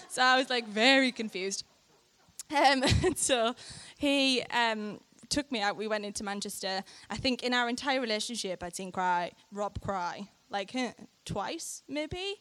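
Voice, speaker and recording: A young adult woman, telling a personal testimony to a church audience in an animated way, often laughing. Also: fairly high pitch, measured pace. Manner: animated storytelling, frequent laughter, acts out quoted lines. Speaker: speaker sharing a testimony.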